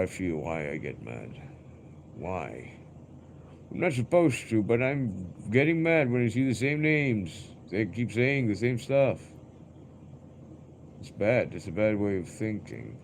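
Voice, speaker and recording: A man's voice: fairly low pitch, darkish tone, slight background noise. A young man streaming live, rambling and musing aloud in an introspective way, often repeating himself.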